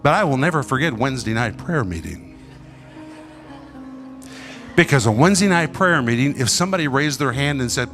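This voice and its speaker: A man preaching a sermon with emphatic, dramatic delivery, pausing and swinging between loud and soft. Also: mid-range voice, lively intonation, soft background music.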